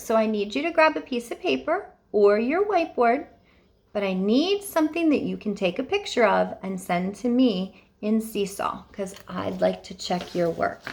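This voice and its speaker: First grade teacher lady, slow and sing-songy, voice bouncing all over, super encouraging. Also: a little high, a bit bright. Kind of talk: remote phonics lesson for young children.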